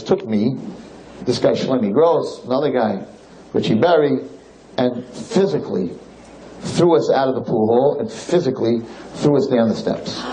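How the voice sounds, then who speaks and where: A male rabbi tells a story during a religious lecture, his voice leaping upward whenever the story heats up. His tone is mellow and dark at mid pitch, with a faint hum of noise behind him. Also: low-quality recording. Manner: animated, pitch jumps high when excited.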